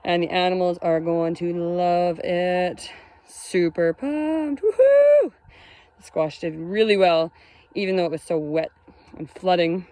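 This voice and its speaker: Woman vlogging outdoors on her farm, lowish voice, chatty and excitable. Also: normal speed, clear, resonant tone, no echo. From Canada. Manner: chatty and exclamatory. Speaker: homesteader vlogger. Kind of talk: casual vlog chat.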